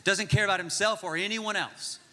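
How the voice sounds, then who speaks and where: A man's voice: sits high, fairly quick. A man in his forties preaching a sermon, telling a funny story with lots of energy and acting out the voices of the people in it. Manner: animated, jokey, acts out voices in his stories. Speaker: pastor. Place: large church auditorium. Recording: long hall reverb.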